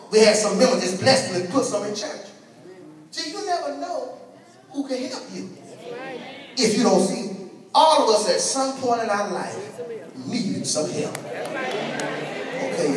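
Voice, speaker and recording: Echoey far-off preacher in a church hall. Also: male voice, animated, moderate pace. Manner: folksy preaching, swings from low asides to shouted call-outs. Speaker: pastor. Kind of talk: sermon. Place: large church sanctuary with congregation.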